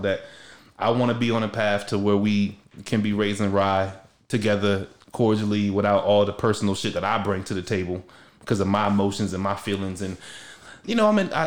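A man's voice: on the low side, echoey room. A young man hosting a show, talking in a loose, slangy, rambling way with many restarts. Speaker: podcast host. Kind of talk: casual heartfelt conversation.

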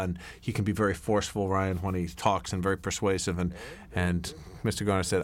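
Middle-aged man, very low voice, rambling director's commentary with lots of uhs and restarts. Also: little pitch movement, fairly quick, few pauses. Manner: rambling, anecdotal, many fillers and restarts. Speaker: film director. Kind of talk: DVD commentary.

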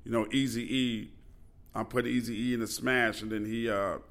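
A man's voice: mid-range voice, level tone, measured pace, fairly bright tone. A man, telling stories animatedly and with profanity as a podcast host. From Queens, New York. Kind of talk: casual storytelling chat.

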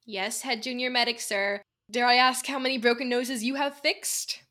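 A battered teenage girl who answers everything with dry sarcasm, read by a teenage girl. The voice sits fairly high and the delivery stays deadpan. It is an amateur audiobook. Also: moderate pace. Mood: wry. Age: teens. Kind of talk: amateur audiobook character reading.

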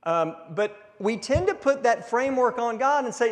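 A man pastor giving a conversational sermon with a recurring cough, restarting words and slowing down for emphasis. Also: very high-pitched, expressive. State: coughing now and then. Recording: long hall reverb.

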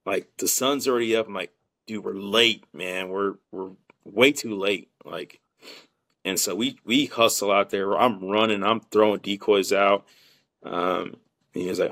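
A man's voice: lowish voice, measured pace, no echo. A man telling a hunting story on a casual podcast, acting out the quotes with lots of restarts. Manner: animated storyteller who acts out quotes, with many restarts.

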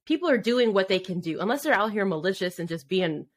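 A woman's voice: medium pitch, expressive, fast talker. A woman co-hosting a casual podcast chat, reflective, asking probing questions and laughing easily. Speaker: podcast co-host.

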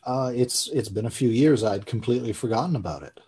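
Easygoing guy guesting on a podcast, really husky raspy voice. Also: medium pitch, lively intonation, a little fast, darkish tone. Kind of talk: casual podcast chat.

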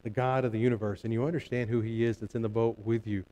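A man's voice: mid-range voice, level tone, fast, dark tone, rough recording. A male pastor preaching a sermon earnestly, building emphasis through repeated phrases and frequent restarts.

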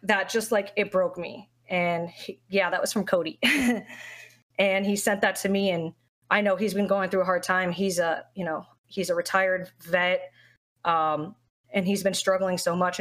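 A young woman speaks with a slightly low voice, open and heartfelt, telling a long personal story as a streamer in an interview. Her talk wanders, with frequent restarts and fillers along the way. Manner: candid, heartfelt, rambling with many restarts.

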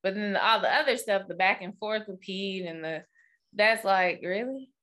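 Her voice is medium-pitched and fairly bright, moving at a moderate pace as she co-hosts a podcast. The conversation is casual and rambling, sprinkled with fillers and side comments.

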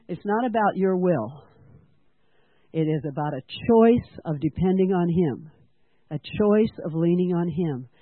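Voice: mid-range voice, expressive, unhurried, dry recording. A church-school teacher preaching a sermon in an earnest way, asking the congregation questions and having them repeat lines. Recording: dry, tinny phone-like sound.

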